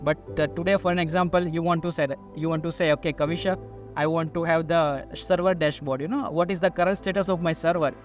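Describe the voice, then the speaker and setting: A man's voice: fairly high pitch, fairly even intonation, fast talker, soft background music. A man being interviewed as a sales manager, explaining in long, listing sentences that he keeps linking with "so". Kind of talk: business interview answers.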